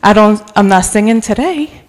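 A woman in her forties from New York City with a mixed North Jersey accent, a guest preacher warming up the church with chatty jokes, stories and bits of Spanish. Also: mid-range voice, expressive, moderate pace. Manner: chatty and joking, mixing in Spanish phrases. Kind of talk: sermon with personal storytelling. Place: church sanctuary.

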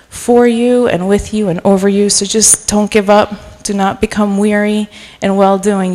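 A middle-aged woman preaching informally in a church, chatty and self-deprecating, then softening into earnest encouragement. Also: medium pitch. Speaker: guest preacher. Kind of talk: informal sermon. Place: church sanctuary. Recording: long reverb of a church hall.

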